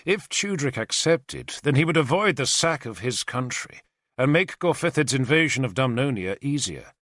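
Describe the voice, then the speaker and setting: A man's voice: mid-range voice, animated, moderate pace, a bit bright, no echo, clean studio sound. A man narrating a historical novel in the first person with dramatic storytelling. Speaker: audiobook narrator.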